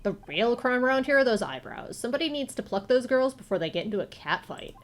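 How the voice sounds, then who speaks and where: A woman's voice: fairly high pitch, big pitch swings, fast talker, a little hiss or hum. A woman voicing a theatrical male makeup artist in a put-on British accent. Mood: haughty. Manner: theatrical, affected.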